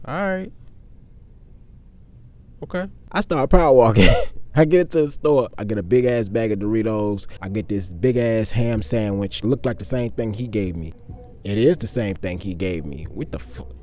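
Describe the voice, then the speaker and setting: A man's voice: fairly low pitch, moderate pace, a little mellow, a little hiss or hum. A man from Virginia, telling a street story in a laid-back, profane, conversational way. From Richmond, Virginia, US.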